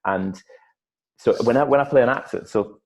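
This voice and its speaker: A man's voice: mid-range voice, moderate pace, a little mellow. A man from northeast England with a northeast English accent, an actor chatting as an interview guest, thoughtful and rambling, with frequent restarts. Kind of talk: casual interview chat.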